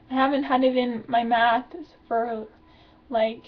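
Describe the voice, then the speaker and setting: A woman's voice: on the high side, little pitch movement, slow pace, narrow, tinny audio. A stressed teenage girl, venting in a rambling video diary, full of filler words. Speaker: vlogger.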